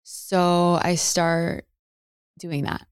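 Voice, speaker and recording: Woman, podcast host, lowish voice, dry close sound; earnest storyteller with long pauses. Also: little pitch movement, clean tone, no echo. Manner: earnest, with drawn-out dramatic pauses and frequent "like". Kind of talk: personal storytelling.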